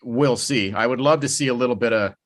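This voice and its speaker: A man's voice: mid-range voice, a little fast. A man co-hosting a podcast, chatting casually and ranting with a lot of swearing. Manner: profane, ranting, animated. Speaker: podcast co-host. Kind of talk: casual sports chat.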